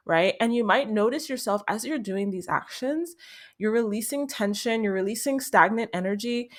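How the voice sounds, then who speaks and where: A young adult woman hosting a self-help podcast, talking in a gentle, soothing, unhurried way. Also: medium pitch. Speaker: podcast host.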